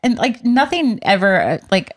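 A woman's voice: big pitch swings, normal speed. An emotional, weepy woman chatting on a podcast, telling stories and acting out quotes. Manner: storytelling, acts out quotes with pitch jumps. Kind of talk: casual chat.

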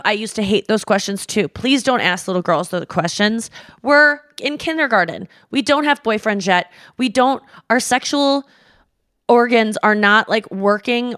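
Young woman podcast host, animated storytelling, swears a lot, dry close sound. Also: no room sound. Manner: animated, swears freely, acts out quotes in shrill yells. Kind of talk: casual storytelling chat.

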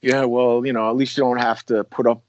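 A man's voice: medium pitch, flat delivery, fairly quick, no echo, lo-fi sound. A man, a former police officer, casually telling a long story with many restarts and acted-out quotes. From United States.

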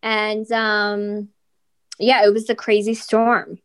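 A woman and mother co-hosting a podcast, chatting casually in an animated, blunt way with plenty of swearing. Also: mid-range voice, takes it slowly. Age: adult mother of school-age kids. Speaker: podcast co-host. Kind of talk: casual chat.

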